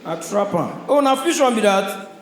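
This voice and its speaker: A man with a Nigerian accent doing a stand-up comedy set on a stage, telling stories in a loud, punchy way. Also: high-pitched, animated, moderate pace, echoey room, rough recording. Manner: loud, punchy storytelling in pidgin.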